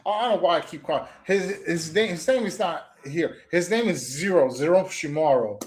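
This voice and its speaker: A man's voice: a little high, lively intonation, a little fast, hardly any pauses, slight background noise. A young man ranting on a commentary stream, trash-talking with mocking jabs, stumbling restarts and repeated phrases.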